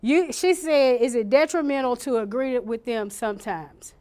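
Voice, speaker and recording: A woman leading an informal care-training workshop, chatty and animated, acting out little scenes with sudden loud bursts. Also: a little high, moderate pace.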